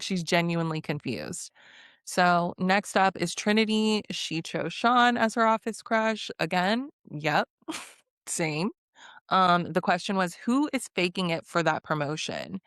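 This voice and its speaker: A woman's voice: on the low side, expressive, unhurried, fairly bright tone, no room sound, clean studio sound. A young woman recapping a reality show in a chatty, laughing way, acting out what the cast said. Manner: chatty, laughs often, acts out quotes. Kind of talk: casual recap vlog.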